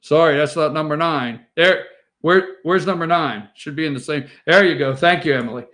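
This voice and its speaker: Bright, lively high-voiced man. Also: moderate pace. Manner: rambling, chatty, talks straight to viewers. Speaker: morning show host. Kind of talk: casual storytelling over family photos.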